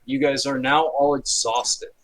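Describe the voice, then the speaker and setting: A man narrating as game master of a tabletop game, relaxed and often pausing with fillers. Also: mid-range voice, poor audio. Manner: relaxed, hesitant with fillers, slips into quick character voices.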